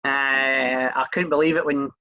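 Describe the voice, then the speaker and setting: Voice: mid-range voice, fairly even intonation, a little slow, no echo, narrow, tinny audio. A Scottish interview host chatting casually, rambling a little with fillers and restarts.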